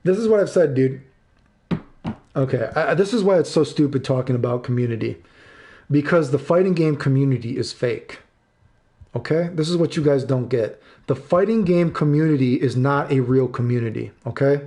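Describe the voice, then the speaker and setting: A man's voice: mid-range voice, lively intonation, moderate pace, mellow. A man in his thirties streaming live, ranting angrily and swearing, repeating himself and answering chat. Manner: angry, profane, repeats himself.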